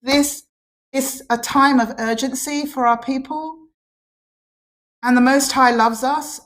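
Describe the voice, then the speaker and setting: A woman from the Caribbean speaking as a guest on a radio livestream, talking passionately in a preaching tone. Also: on the high side. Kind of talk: impassioned talk.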